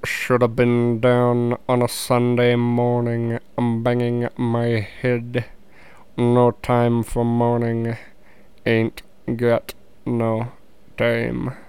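A man doing a slow, deep-voiced actor impression. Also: completely flat delivery, darkish tone, clear, resonant tone, no room sound. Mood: mock singing. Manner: slow, drawn-out, lowered delivery. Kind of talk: comic impression.

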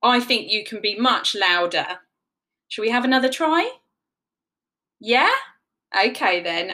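A woman narrating a children's story, animated and encouraging, leading the listeners in counting. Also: on the high side, a little slow, pauses often.

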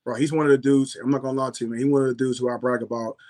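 A young man, a former football player, telling stories in a slangy, animated way, saying "bro" and "yo" constantly. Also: medium pitch, rapid-fire. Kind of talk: casual storytelling chat.

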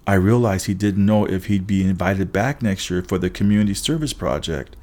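Guy reading a first person novel out loud, lowish voice, steady and a bit wry. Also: fairly quick. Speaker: audiobook narrator. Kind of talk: scripted first-person narration.

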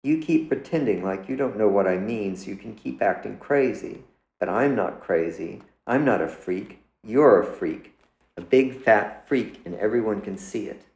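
A man's voice: fairly low pitch, animated, normal speed, creaky, darkish tone, reverberant, poor audio. A man voicing a sullen, angry adolescent boy with curt, resentful replies, read out in a story.

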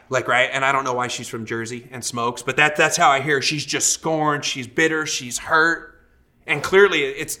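A man's voice: a little high, bright, forceful tone. A young man preaching a sermon as pastor, conversational and emotive, with frequent repetitions and asides.

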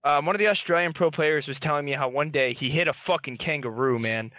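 A man's voice: on the high side, quick pace, pushed and bright, dry recording. A man in a casual podcast chat who talks enthusiastically and crudely, calling people bro and man.

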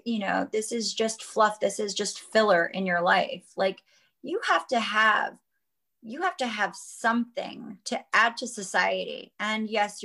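A woman's voice: mid-range voice, pushed and bright. A woman speaking as a guest, earnest and frank, rambling a little as she talks. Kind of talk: casual chat.

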